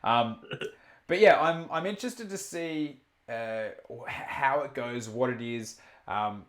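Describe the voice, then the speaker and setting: A man hosting a casual live stream, talking in quick bursts, swearing and restarting his sentences. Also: medium pitch, echoey room. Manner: animated, swearing, self-interrupting. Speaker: stream host reading chat. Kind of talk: casual chat.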